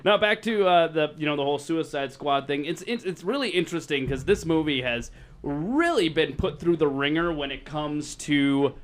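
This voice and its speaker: A man co-hosting a podcast, chatting casually in a measured, thoughtful way. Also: fairly high pitch, a bit bright. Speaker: podcast co-host. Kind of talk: casual chat.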